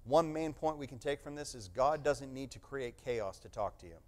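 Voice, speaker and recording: A middle-aged man with a mid-range voice preaches a sermon at normal speed, reading scripture aloud and explaining it. He is animated, at times proclaiming loudly and at times dropping to a hush.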